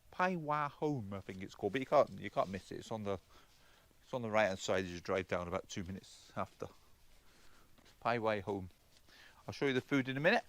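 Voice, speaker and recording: Chatty man with a rambling delivery. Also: mid-range voice. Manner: chatty, rambling, stumbles and repeats words. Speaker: travel vlogger. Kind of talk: casual walkaround narration. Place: roadside café, partly outdoors.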